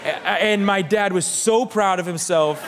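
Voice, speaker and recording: Male talk show guest, slightly high, lively storyteller, laughs and restarts a lot, noisy audio. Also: normal speed. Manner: laughing, stammering restarts, acts out quotes. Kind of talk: animated anecdote telling.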